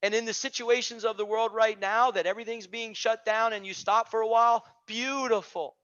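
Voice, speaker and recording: A man hosting an online teaching community, giving an energetic, preachy talk on a video call and repeating phrases for emphasis. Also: sits high, a little fast. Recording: dull lo-fi video call audio.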